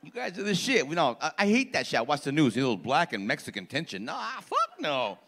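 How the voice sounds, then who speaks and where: A male comedian works a club crowd in loose, profane street slang, needling the people in front of him. His voice sits a bit high and sounds bright and forceful. His pitch swings widely from line to line. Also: big pitch swings, fast talker. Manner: brash, profane, teasing the audience. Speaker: stand-up comedian. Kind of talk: stand-up set with crowd work.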